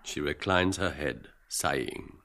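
A man's voice: extremely low pitch, slow pace, sharp tone. A man giving scripted narration of the stage directions in a radio drama.

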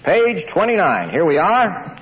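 A man's voice: high voice, huge pitch swings, a little slow, a bit bright. A man giving a declamatory public speech to a live audience in a lecture hall, then taking questions, building his points up to punchy lines. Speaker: invited speaker at a campus lecture. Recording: roomy hall recording with faint hiss.

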